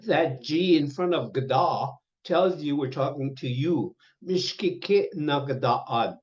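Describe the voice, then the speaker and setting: An older man teaching an online language lesson, speaking slowly and patiently and repeating each word several times over a video call. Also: a little high, a little mellow. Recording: dull lo-fi webinar audio.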